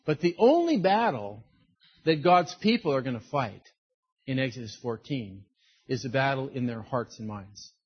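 Husky-voiced man preaching a sermon. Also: very animated, normal speed. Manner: conversational, emphatic preaching, drops low and quiet for serious points. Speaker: pastor. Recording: dull lo-fi recording.

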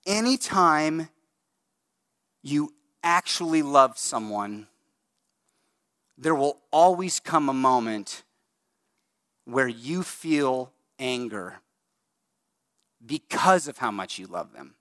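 A middle-aged male pastor preaching a sermon in a conversational, animated way, speeding up and slowing down for emphasis. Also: mid-range voice, no room sound, studio quality. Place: church sanctuary.

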